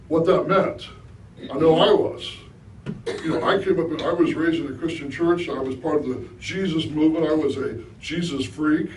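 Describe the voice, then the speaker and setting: Far from the mic, a middle-aged guest speaker with a somewhat high voice gives a relaxed spiritual talk, often addressing questions to his audience. The hall echoes around him, and a faint room hiss can be heard.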